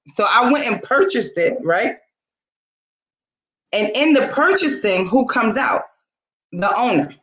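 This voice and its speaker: A woman's voice: on the high side, a little slow, long pauses, roomy sound, rough recording. A woman co-hosting a casual talk show, telling a story animatedly and acting out the dialogue. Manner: animated, acts out quoted dialogue.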